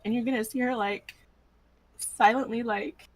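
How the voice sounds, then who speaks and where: A woman's voice: on the high side, steady tone, normal speed, no room sound, rough recording. A woman in a tabletop game describes her character's actions step by step. Her delivery is casual and conversational, with a mid-range voice. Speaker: player. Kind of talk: tabletop role-play narration.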